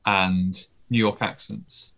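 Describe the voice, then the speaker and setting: A man's voice: lowish voice, little pitch movement, slow, gravelly, a bit bright. A man hosting a podcast, asking questions with wry, dry humor. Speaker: podcast host. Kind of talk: casual podcast interview.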